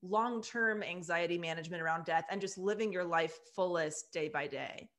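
A woman's voice: lowish voice, normal speed, a bit bright. A woman hosting a podcast interview, affirming her guest and laughing along. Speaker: podcast host.

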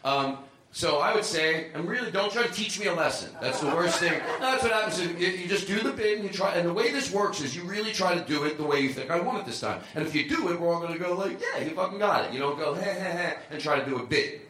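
A man's voice: on the high side, animated, quick pace, bright, forceful tone, echoey room. A man hosting a live comedy show, rambling and joking with lots of profanity and laughter. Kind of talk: loose live comedy banter.

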